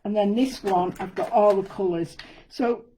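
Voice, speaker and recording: A woman's voice: mid-range voice, normal speed, warm tone, slightly rough, rough recording. A woman giving a chatty, step-by-step live craft demonstration from an indoor studio. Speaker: guest designer demonstrating a craft.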